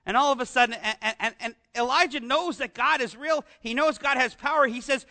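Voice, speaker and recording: A man preaching a conversational sermon into an amplified microphone, animated and often asking his congregation rhetorical questions. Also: very high voice, brisk. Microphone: amplified microphone with some feedback.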